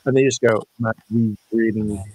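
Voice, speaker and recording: Animated, cursing podcast guy. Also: fairly low pitch, a little fast, slightly rough. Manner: animated, swears freely, acts out imagined dialogue. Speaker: podcast co-host. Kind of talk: casual chat.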